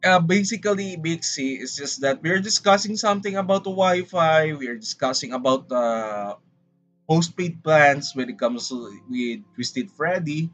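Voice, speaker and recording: A Filipino man with a Filipino English accent chats casually on a livestream, rambling dramatically as he addresses his chat directly. His voice is on the high side and a bit bright, with lively intonation and a measured pace. The stream audio is dull and lo-fi, with faint music in the background.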